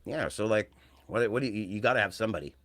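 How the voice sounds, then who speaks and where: A man's voice: fairly low pitch, fast talker, a bit bright, no echo. A man co-hosting a wrestling podcast, talking in a rambling, casual way that trails off and restarts. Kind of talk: casual chat.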